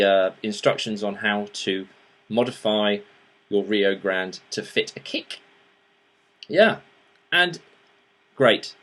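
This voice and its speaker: A man's voice: mid-range voice, a bit bright. A man hosting a casual show-and-tell review, chatty and rambling with restarts and fillers, turning earnest and pleading when he urges viewers to act. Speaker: host reviewing vaping gear.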